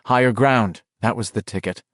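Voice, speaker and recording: A man's voice: on the low side, moderate pace, a bit bright, dry recording, clean studio sound. A man narrating a horror novel as an audiobook, in a dramatic, varied reading.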